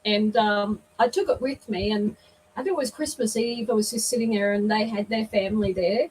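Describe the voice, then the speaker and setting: A woman's voice: medium pitch, normal speed. Laughing older Australian woman, distant mic. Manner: lively storytelling, laughs often. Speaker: guest. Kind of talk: casual chat. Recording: distant mic, faint background noise.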